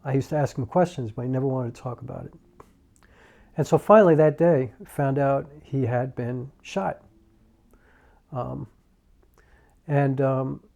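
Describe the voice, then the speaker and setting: A middle-aged man from New York telling a personal story to camera in a halting, reflective way, with many pauses and fillers. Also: mid-range voice, vocal fry, dark tone. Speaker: filmmaker and YouTuber.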